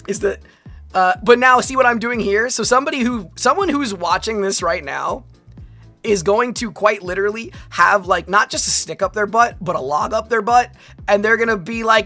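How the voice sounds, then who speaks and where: A woman's voice: on the high side, bright, forceful tone. An American woman streaming, chatting casually and animatedly with many laughs and rambling asides. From United States. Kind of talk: casual livestream chat.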